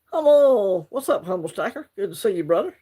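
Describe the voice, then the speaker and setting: A man's voice: high-pitched, very animated, a little fast, warm tone, breathy edge. A man with an Alabama Southern accent hosting a casual livestream, chatting in a laid-back, rambling way and greeting viewers by name. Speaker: livestream host.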